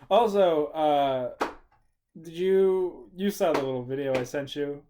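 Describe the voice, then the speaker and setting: A man co-hosting a casual podcast, telling a story in an animated way and laughing as he goes. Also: a little high, unhurried, noisy background. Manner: animated, acts out his own story with laughter. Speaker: podcast co-host.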